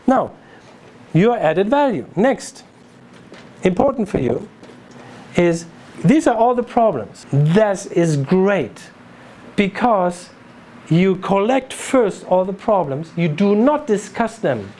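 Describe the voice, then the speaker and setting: A native German speaker giving an instructive business talk in a measured, didactic way, demonstrating phrasing aloud. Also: medium pitch, lively intonation, warm tone.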